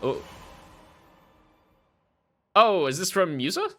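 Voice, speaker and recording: A man streaming a game who chats casually and reads on-screen text aloud. His pitch is slightly high and bounces around. Soft music plays in the background. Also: huge pitch swings, slow pace. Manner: chatty, amused asides. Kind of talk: casual game commentary and reading.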